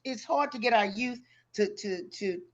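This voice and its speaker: A mid-pitched speaker asking earnest questions in casual talk and halting a few times along the way. The sound is dull and lo-fi. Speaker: podcast co-host. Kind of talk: casual chat.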